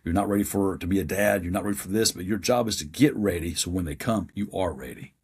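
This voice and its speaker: A man in his fifties with a deep, very husky and raspy voice. He speaks as a podcast guest, telling his story in a plain-spoken, earnest way. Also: quick pace, darkish tone. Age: 50s.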